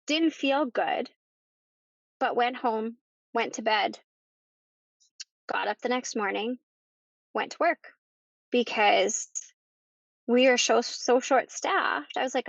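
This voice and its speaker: A woman, a podcast guest, tells her personal story in conversation, halting and repeating herself as she goes. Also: on the high side, gravelly, no room sound. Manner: halting, with many pauses and repeated words. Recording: dull lo-fi dry recording.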